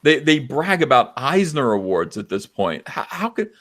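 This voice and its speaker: Loud, impassioned man ranting on a livestream. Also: medium pitch, very animated, normal speed. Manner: loud, impassioned, mocking impressions. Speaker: livestream host. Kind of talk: heated livestream rant.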